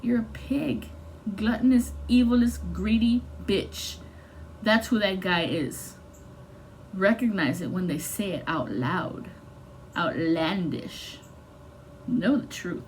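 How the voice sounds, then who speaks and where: A woman's voice: mid-range voice, lively intonation, takes it slowly, a little hiss or hum. A woman giving an intuitive tarot reading in an intense, blunt and profane way. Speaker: tarot reader.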